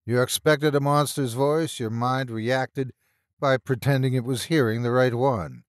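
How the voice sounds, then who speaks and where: A man's voice: mid-range voice, measured pace, no room sound, studio quality, lightly acted. A man voicing a blustering, sarcastic male senior psychiatrist who snaps scornfully. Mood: dismissive.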